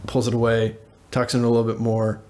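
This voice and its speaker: A man's voice: medium pitch, monotone, quick pace, a little mellow. A young man co-hosting a podcast, telling a rambling story in casual chat and laughing as he goes. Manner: rambling, laughing, acts out voices in anecdotes. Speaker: podcast co-host.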